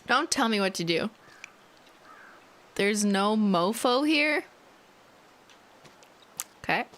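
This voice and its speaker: A woman's voice: medium pitch, lively intonation, slow pace, a bit bright. A young woman streaming a story game live, chatting playfully, giggling and reacting aloud to what happens. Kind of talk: live gameplay commentary.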